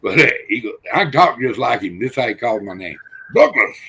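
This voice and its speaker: An older man on a livestream panel, telling rough, profane stories and acting out the voices in them. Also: medium pitch, animated, fast talker, sharp tone. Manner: rough-spoken, swears freely, acts out quotes. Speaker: panel guest. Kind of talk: casual storytelling on a livestream panel.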